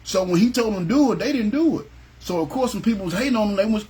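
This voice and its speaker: A man's voice: high-pitched, expressive, fast, warm tone, husky. A middle-aged man leading a Bible study over a phone, speaking conversationally and often asking "you know what I'm saying?". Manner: acts out biblical figures with a raised voice. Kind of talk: informal livestream Bible study sermon.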